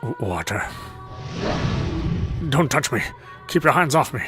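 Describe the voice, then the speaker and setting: A man's voice: mid-range voice, sing-song, unhurried, over music. A man voicing a tormented, violent man who calls himself a beast, speaking in ragged, stuttering outbursts, in a fan voice dub of a visual novel.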